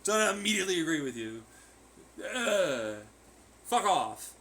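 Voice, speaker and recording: A man with a high, bright voice rants in a vlog, swearing freely and slipping into sarcastic mock impressions. There is a faint hum of room ambience behind him. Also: sing-song, measured pace. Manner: profane, sarcastic, mocking imitations. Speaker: vlogger. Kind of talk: ranting vlog commentary.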